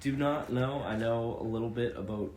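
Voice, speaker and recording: A man's voice: medium pitch, moderate pace, a little mellow, reverberant, a little hiss or hum. A man who is a guest on a casual podcast chat, easygoing and hesitant, and he laughs along.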